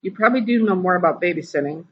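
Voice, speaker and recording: A teacher reading aloud and voicing a worried mother of two young boys, gentle and anxious. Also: medium pitch, expressive, rapid-fire, highs cut off, a little hiss or hum, natural voice.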